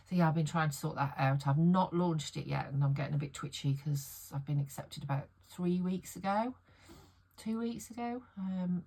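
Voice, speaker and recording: Chatty woman with a low voice. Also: mellow, low-quality recording. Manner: chatty, rambling, laughs often. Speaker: art vlogger. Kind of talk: casual chat. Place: home art studio.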